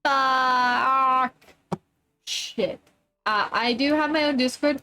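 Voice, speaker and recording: A woman's voice: sits high, very slow, pushed and bright, no echo. A woman chatting casually on a live stream, distracted and muttering curses as her tech acts up.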